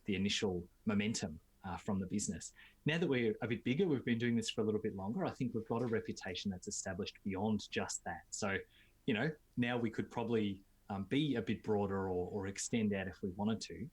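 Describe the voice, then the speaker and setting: An Australian man, a business coach, giving relaxed, fluent interview answers with filler uhs. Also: lowish voice, husky.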